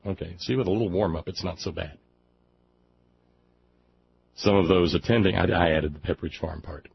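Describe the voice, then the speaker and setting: A man's voice: deep voice, normal speed, gravelly, breathy edge, dull audio. A man from Alabama hosting a talk radio show, reading a news story aloud and breaking off into mocking, sarcastic asides. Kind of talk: sardonic commentary on a news story.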